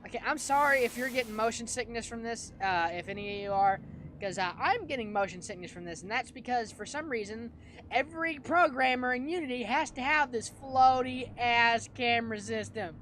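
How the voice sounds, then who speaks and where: A man's voice: extremely high pitch, normal speed, a bit bright, a little hiss or hum. A man playing a horror game and commenting nervously, swearing and laughing as he goes. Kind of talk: let's play commentary, reading game text aloud.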